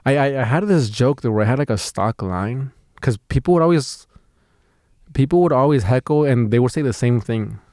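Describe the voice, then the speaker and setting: A man's voice: mid-range voice, animated, moderate pace, a little mellow, dry recording, studio quality. A man, a stand-up comedian, telling a rambling story in casual podcast chat, full of fillers, restarts and swearing.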